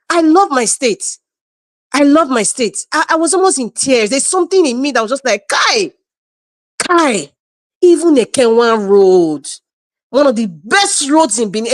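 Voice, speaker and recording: A Nigerian woman giving emotional, forceful political commentary, full of rhetorical questions and repetition. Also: sits high, dry recording. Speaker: panel commentator.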